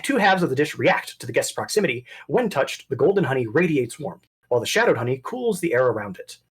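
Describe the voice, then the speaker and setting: GM: husky man, lively delivery, rambling narration of an online tabletop game. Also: a little high. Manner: animated, rambling, self-correcting. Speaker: game master.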